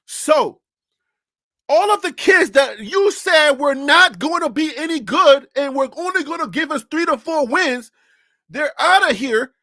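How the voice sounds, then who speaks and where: Sports-stream host, bright edgy tone, very dry close sound, animated rant, repeated rhetorical questions, desk USB mic. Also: sits high, measured pace, dry recording. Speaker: sports talk show host. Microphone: USB desk microphone.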